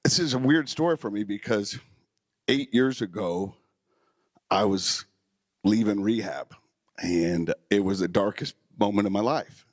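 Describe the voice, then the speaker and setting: A man's voice: on the low side, a little slow, pauses often, no echo, studio quality. A man speaking at a memorial, telling personal stories in an emotional, heartfelt way with occasional fillers. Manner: emotional, warm storytelling with fillers.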